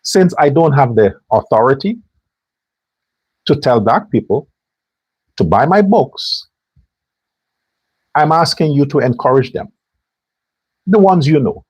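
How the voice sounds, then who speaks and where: A man holds forth in a sarcastic, preachy political monologue. His husky voice is highly animated, rising and falling widely. The sound is close and dry. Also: takes it slowly, pauses often, no room sound, muffled recording. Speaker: host.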